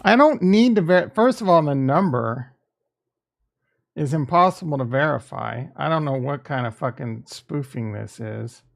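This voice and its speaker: Guy on a livestream arguing with chat, kinda high voice with gravel in it, jokey and defensive. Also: animated, measured pace. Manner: defensive, joking, talks back to chat. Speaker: livestream host reading chat.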